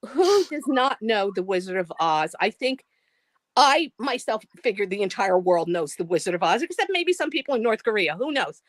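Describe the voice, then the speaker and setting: A middle-aged woman telling a funny story over a video call, animated and laughing as she talks. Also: medium pitch, moderate pace, no room sound. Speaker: live stream caller.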